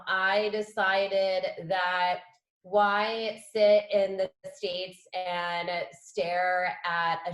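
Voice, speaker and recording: A woman's voice: lowish voice, reverberant, poor audio. A woman from San Diego, a guest talking enthusiastically and with laughter in casual chat. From San Diego, California.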